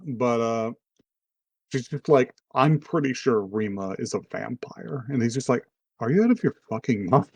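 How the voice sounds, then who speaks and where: A man co-hosting a podcast, casually retelling an anime plot with lots of fillers and quick put-on quotes of the characters. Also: mid-range voice, expressive, creaky, a little mellow, slightly rough, dry recording. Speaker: podcast co-host. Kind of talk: casual chat recapping an anime.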